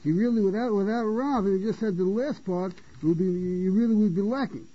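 A man teaching a Torah class as a rabbi, repeating phrases, restarting sentences, asking rhetorical questions and often clearing his throat. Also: sits high, brisk. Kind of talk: Torah lecture. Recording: dull lo-fi recording.

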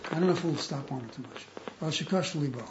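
A man's voice: a little high, quick pace. A man leading a group text study, explaining points patiently and often affirming others. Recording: roomy, muffled, noisy room recording.

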